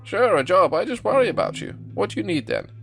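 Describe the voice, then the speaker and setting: A man's voice: high voice, very animated, brisk, vocal fry, a bit bright, faint music behind, pitched above the performer's own voice, full character voice. Man putting on a fretful, nagging old mother. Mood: fussing. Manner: fussing, clingy, guilt-tripping.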